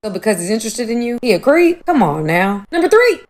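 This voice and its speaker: A woman talking casually to her viewers in a lively, rhetorical way, listing her points. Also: on the high side, fairly quick. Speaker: online video commentator. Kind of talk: casual video talk to viewers.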